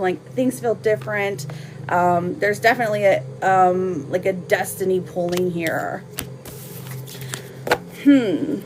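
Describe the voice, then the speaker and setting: A woman reading tarot cards on a live stream, chatting casually and warmly with lots of fillers and slang. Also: medium pitch, a little hiss or hum.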